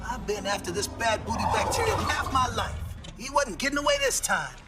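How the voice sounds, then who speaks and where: An actor playing a brash, slangy male white blood cell cop in a cartoon, talking fast and full of swagger. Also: very high voice, far from the mic. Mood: cocky. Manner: cocky, excitable. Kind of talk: cartoon voice acting. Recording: music behind the voice.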